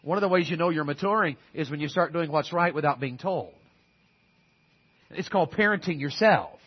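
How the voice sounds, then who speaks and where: High, husky preacher. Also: male voice, a little fast, dull audio. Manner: folksy storytelling, emphatic exhortation. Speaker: pastor. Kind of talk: sermon.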